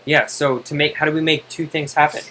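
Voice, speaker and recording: A man's voice: on the high side, fairly even intonation, brisk, background noise. Impatient, teasing male coding tutor. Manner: impatient, teasing, exasperated explaining. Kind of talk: casual screen-side coding help.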